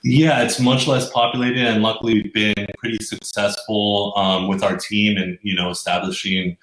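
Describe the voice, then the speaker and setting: A man being interviewed as a guest from his office, relaxed and easygoing, with lots of fillers. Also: on the low side, normal speed. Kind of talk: casual interview chat. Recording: echoey office room.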